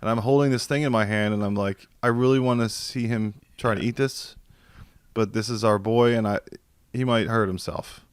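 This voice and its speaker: Animated storytelling man on a video call. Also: on the low side, moderate pace, clean tone, no echo. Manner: animated storyteller, acts out quotes, laughs often. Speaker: podcast guest. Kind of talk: casual storytelling chat. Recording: dry video call audio.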